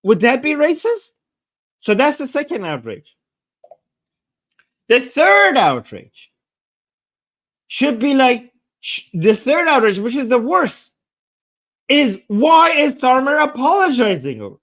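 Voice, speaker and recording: Guy with a really high voice ranting about politics, heated and sarcastic. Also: huge pitch swings, takes it slowly, long pauses, fairly bright tone. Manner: agitated, sarcastic, repeats himself. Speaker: political commentator. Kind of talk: ranting reaction commentary.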